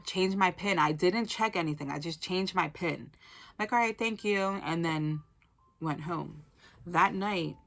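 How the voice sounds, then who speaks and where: A woman's voice: low voice, a bit bright. A young woman telling a personal faith testimony as a casual story, acting out the quotes and saying "like" a lot.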